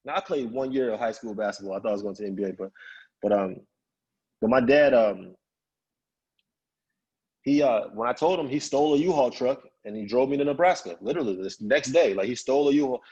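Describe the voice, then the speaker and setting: Guest speaker from Chicago, a man with a husky mid-range voice, telling his story with lively acted-out quotes. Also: medium pitch, brisk, muffled recording. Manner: animated, acts out quoted voices of family and friends. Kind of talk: personal storytelling.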